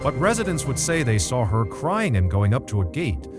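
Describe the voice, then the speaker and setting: A man hosting a true crime podcast, telling the story in a casual, animated way and acting out the quoted voices. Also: medium pitch, normal speed, music in the background. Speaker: podcast host.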